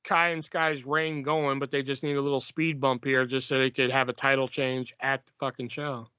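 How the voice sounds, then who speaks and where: A man's voice: medium pitch, little pitch movement, moderate pace, pushed and bright, smooth, no room sound, muffled recording. A man co-hosting a podcast in casual chat, sarcastic and profane, often laughing. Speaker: podcast co-host.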